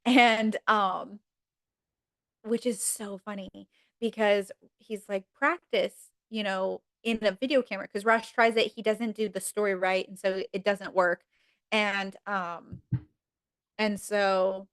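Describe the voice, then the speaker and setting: A woman on a podcast casually retelling TV episodes with lots of fillers, jumping high in pitch to act out each character's lines. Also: steady tone, slow, no echo. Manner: frequent fillers like "um" and "like". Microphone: podcast mic.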